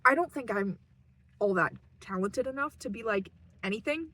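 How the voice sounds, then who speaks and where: Parked in her car, a young woman vlogs to camera in a casual, rambling monologue, giggling and poking fun at herself. Her voice is on the high side, sharp and expressive at a normal pace, and the audio is poor.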